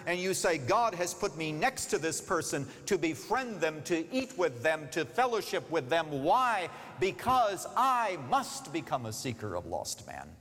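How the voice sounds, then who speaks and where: A man preaching a sermon, telling stories with expression and giving the characters their own voices as he urges his listeners. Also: mid-range voice. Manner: expressive storytelling, voicing characters, urging listeners. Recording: long reverb of a large hall.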